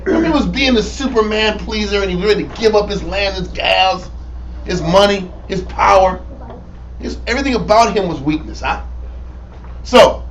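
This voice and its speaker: A man's voice: sits high, normal speed, lo-fi sound. A man leading a casual bible study, joking and slangy, recorded from a distant mic. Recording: distant mic with background noise.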